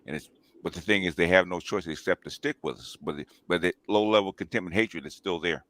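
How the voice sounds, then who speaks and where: A man's voice: deep voice, fast talker, fairly bright tone, dry recording. A man hosting a talk show, explaining his points emphatically and checking in with "okay?" and "right?". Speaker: host.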